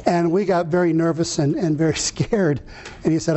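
A man preaching a sermon, reading scripture slowly and earnestly, with some fillers and restarts. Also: a little high, fairly even intonation, mellow.

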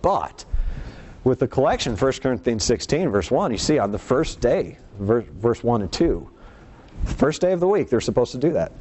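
A man's voice: medium pitch, darkish tone. A man preaching a sermon in a conversational way, often putting rhetorical questions to his congregation.

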